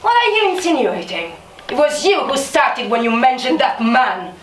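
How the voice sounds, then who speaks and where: An actress on stage playing a bitter, resentful maid who talks with sarcasm and sudden outbursts. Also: female voice, high voice, very animated, normal speed. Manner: sarcastic, mocking, swings into outbursts. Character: bitter, resentful young maid, scornful and fierce. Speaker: stage actor. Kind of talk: live stage drama. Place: small theatre stage. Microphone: distant room mic. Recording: echoey theatre from far off, faint noise.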